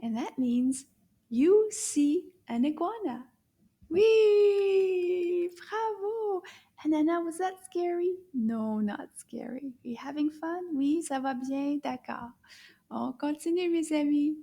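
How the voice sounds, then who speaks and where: A woman teaching a French lesson for children, speaking slowly and encouragingly, repeating words for the listener to echo and sometimes dropping to a soft whisper. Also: high voice. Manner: drops to soft whispers at times. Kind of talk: kids' language lesson.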